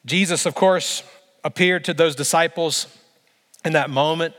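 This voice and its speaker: A man preaching a sermon as pastor, emphatic, building through repeated phrases with slow dramatic pauses. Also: on the high side, fairly even intonation, a bit bright. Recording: long reverb of a large hall.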